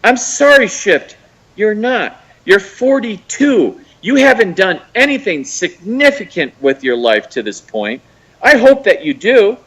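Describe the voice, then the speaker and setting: Animated, profane American man ranting. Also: sits high, unhurried, slightly rough, poor audio. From United States. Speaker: caller. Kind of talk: heated call-in rant.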